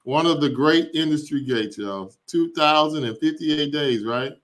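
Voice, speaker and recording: A man hosting a podcast in casual chat, easygoing and quick to laugh. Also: on the high side. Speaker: podcast host.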